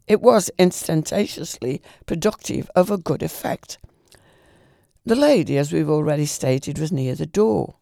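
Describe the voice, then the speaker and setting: A man reading a classic novel aloud at an unhurried pace, stumbling and restarting now and then. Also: high-pitched, creaky, darkish tone, no echo, studio quality. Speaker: reader.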